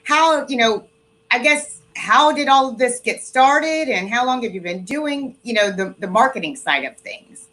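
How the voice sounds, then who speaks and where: A woman's voice: on the high side, lively intonation, a little slow, sharp tone, poor audio. A woman hosting a casual interview, chatty and self-deprecating, with lots of fillers. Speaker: host.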